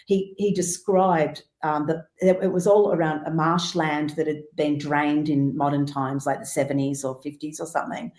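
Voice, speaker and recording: A woman with a fairly low voice tells a story in a casual interview, animated and rambling, full of asides and quick turns. The sound is roomy with a noticeable echo. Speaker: guest musician.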